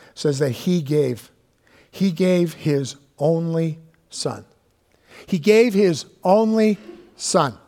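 A man preaching a sermon as pastor. He stretches out key words for emphasis and sometimes sinks into a hushed voice. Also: fairly high pitch. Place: church sanctuary. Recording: long reverb of a church hall.

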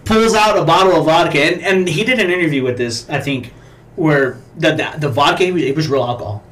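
A man's voice: on the high side, brisk, fairly bright tone. A man co-hosting a podcast, casually retelling a film scene in a profane, rambling way. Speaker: podcast co-host. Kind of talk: casual chat.

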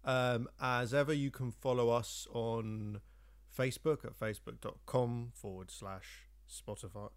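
A man's voice: medium pitch, fairly even intonation, unhurried, smooth. A man co-hosting a film podcast, rambling through a plot summary with many hesitations. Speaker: podcast co-host. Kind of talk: casual chat.

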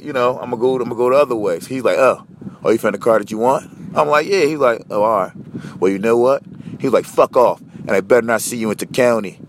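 A man hosting a podcast, telling a story casually and profanely, acting out both sides of the conversations. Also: medium pitch. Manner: animated, profane retelling with acted-out dialogue. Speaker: podcast host.

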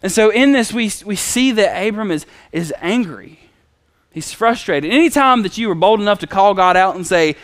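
High-voiced, clear-toned male preacher. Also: lively intonation, moderate pace, fairly bright tone, no room sound, clean studio sound. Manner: conversational storytelling with acted quotes. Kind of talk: sermon.

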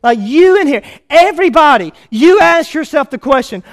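Man, pastor, sermon, very high voice, lively storytelling. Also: normal speed, few pauses. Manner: animated storyteller, swelling to loud emphatic preaching.

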